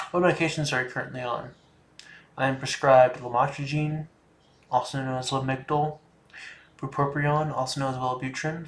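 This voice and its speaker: Hosting a livestream from a room at home, a twenty-something man reads out viewer questions and answers loosely, chatting, laughing often and trailing off. His mid-pitched voice echoes in the room over a faint hum of ambience.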